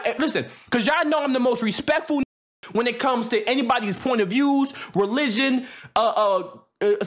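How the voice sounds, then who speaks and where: High-voiced young man ranting to chat. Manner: animated, slangy and joking, many restarts and impressions. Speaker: streamer. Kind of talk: casual rant to a live stream chat.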